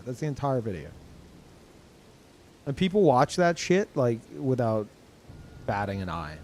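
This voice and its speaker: A young man streaming games, tired and low on energy, rambling in casual chat with lots of swearing, ums and restarts. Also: sing-song, measured pace, long pauses, a little mellow. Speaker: game streamer.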